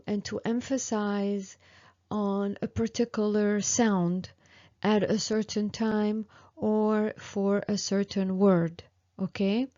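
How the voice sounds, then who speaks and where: Slow, patient woman teaching pronunciation. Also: mid-range voice, warm tone, lo-fi sound. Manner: slow and patient, with many fillers and repeated examples. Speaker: French teacher. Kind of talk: online language lesson.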